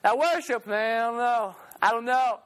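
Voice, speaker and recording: A young male preacher delivering a sermon in a loud, animated way, breaking into laughs between points. His voice sits high for a man. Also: moderate pace, slight background noise.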